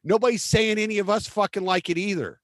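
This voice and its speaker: A man's voice: high voice, steady tone, fast talker, a bit bright, no echo. A man hosting a casual podcast, ranting with constant profanity and a combative edge. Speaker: podcast host.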